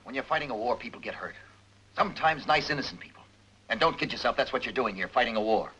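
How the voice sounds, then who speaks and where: A middle-aged actor playing a tough, stubborn police captain who presses hard and talks forcefully. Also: male voice, medium pitch, a little hiss or hum, lightly acted, low-quality recording. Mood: resolute. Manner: forceful, pressing, rapid interrogator.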